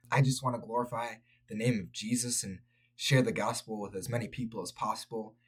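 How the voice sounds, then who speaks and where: A man's voice: medium pitch, darkish tone. A man reviewing a film for his channel, talking straight to his viewers in an earnest, preaching way. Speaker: faith-based film reviewer.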